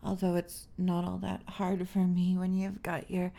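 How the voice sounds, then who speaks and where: A young woman voicing a curious, gentle alien in a borrowed human body, in a whispered role-play. She talks softly and haltingly and often repeats words. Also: fairly low pitch, completely flat delivery. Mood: tender. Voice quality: breathy, soft.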